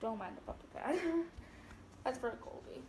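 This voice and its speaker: A woman's voice: high-pitched, expressive, unhurried, very noisy. A woman giving a rambling, giggly home-tour vlog, recorded on her phone indoors. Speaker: vlogger.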